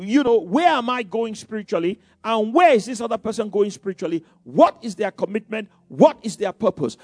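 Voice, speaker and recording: A man's voice: high-pitched, a little mellow, dry recording, clean studio sound. A middle-aged man preaching a sermon in a conversational way, with many asides and repeated phrases.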